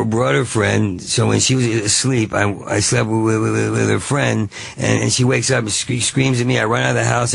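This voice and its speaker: Gravelly, stammering man telling stories. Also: mid-range voice, no echo. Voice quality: stammers and repeats sounds. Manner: rapid, manic, free-associating. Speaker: comedian guest. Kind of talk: rambling interview storytelling.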